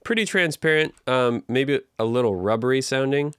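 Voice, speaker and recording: A man teaching an audio engineering tutorial in a relaxed, conversational way, walking through each step. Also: medium pitch, normal speed, clear, resonant tone, no echo, clean studio sound. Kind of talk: casual tutorial explanation. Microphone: studio microphone through live compression.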